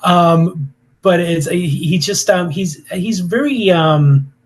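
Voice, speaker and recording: A man's voice: sits high, slow pace. A man chatting as a guest on a podcast interview, rambling and hesitant with many fillers. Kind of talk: casual interview chat.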